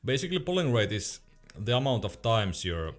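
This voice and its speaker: A young man hosts a relaxed livestream. He reads viewer questions aloud and answers in an easygoing, chuckling way. His voice sits low, and quiet music plays under his talk. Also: a little fast. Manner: laid-back, laughs often, trails off and restarts. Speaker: streamer. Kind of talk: casual livestream chat, reading out chat questions.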